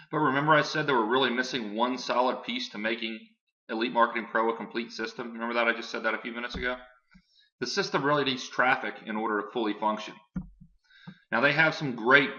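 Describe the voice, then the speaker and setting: A man giving a casual, filler-heavy online sales pitch while showing his screen. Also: bright, forceful tone, muffled recording. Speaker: online marketing presenter.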